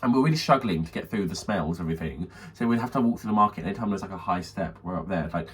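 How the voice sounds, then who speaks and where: A man's voice: low-pitched, rapid-fire, breathy edge, far from the mic. A man, co-hosting a podcast, telling a long anecdote in casual chat and acting out friends' lines. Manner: animated storyteller, quoting friends in shifting voices, swearing freely. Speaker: podcast co-host.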